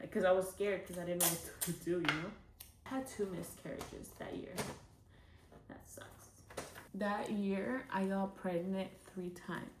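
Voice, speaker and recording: A woman's voice: on the low side, darkish tone, slight background noise. A young woman telling a personal story in a casual vlog, chatty and full of fillers. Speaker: vlogger. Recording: echoey room from a far mic.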